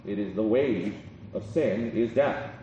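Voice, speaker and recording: A man's voice: lowish voice, a little slow, warm tone, muffled recording, a little hiss or hum. A man preaching a sermon in a conversational way, with many ums, restarts and repeated "right?". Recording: roomy hall from a distance.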